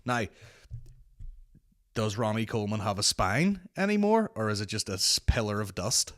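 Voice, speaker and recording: A man's voice: on the low side, animated, normal speed, a bit bright, no room sound, studio quality. A man with a Northern Irish accent hosting a comedy podcast, telling a story casually, swearing constantly and slipping into voices of other people. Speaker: podcast host.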